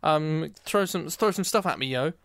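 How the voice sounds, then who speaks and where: Male co-host, bright tone, dry sound, rambly and jokey. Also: on the high side, moderate pace, vocal fry, dry recording. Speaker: podcast co-host. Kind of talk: casual chat.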